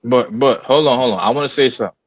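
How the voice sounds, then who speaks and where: A man from New York co-hosting a casual podcast. He is animated and quick to jump in. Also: mid-range voice, slightly rough, no echo, highs cut off. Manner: animated, quick to cut in and joke. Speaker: podcast co-host. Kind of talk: casual group chat.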